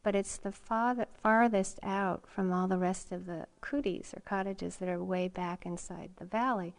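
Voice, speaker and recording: Middle-aged woman, meditation teacher, unhurried reflective dharma talk with pauses and light laughs. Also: medium pitch, fairly even intonation. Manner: unhurried and reflective, with frequent ums and soft laughs. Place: meditation retreat hall.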